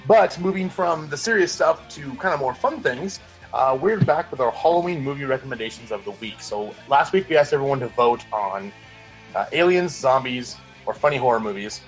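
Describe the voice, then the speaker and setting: A man's voice: medium pitch, lively intonation, normal speed, faint music behind, rough recording. A man co-hosting a casual movie podcast, laid-back and full of fillers. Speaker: co-host.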